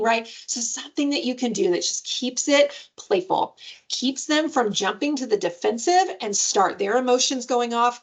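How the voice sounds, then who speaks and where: A woman presenting a parenting webinar in a conversational way, often checking in with "right?" and sometimes jumping into playful high voices for examples. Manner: jumps into playful high-pitched voices when giving examples.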